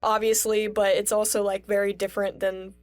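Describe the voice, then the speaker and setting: A woman guesting on a podcast, chatting casually, laughing often and chiming in quickly. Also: mid-range voice, little pitch movement. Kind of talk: casual chat.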